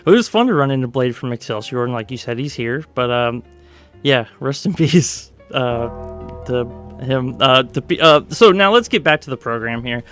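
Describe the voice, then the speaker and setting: A man's voice: mid-range voice, expressive, normal speed, fairly bright tone, soft background music. A man hosting a late-night comedy radio show in a studio, with jokey, ironic banter.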